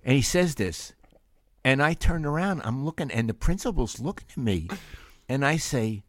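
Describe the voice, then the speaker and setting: A man's voice: medium pitch, normal speed, dry recording, clean studio sound. An older man, co-hosting a podcast and telling family stories with lots of laughter. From Brooklyn, New York. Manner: animated storyteller, laughs often. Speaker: podcast co-host. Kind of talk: casual storytelling chat.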